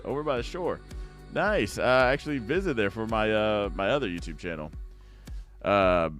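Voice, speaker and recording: Chatty low-voiced man opening card packs. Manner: chatty and rambling, swinging into excited outbursts over pulls. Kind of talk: casual pack-opening chat to viewers.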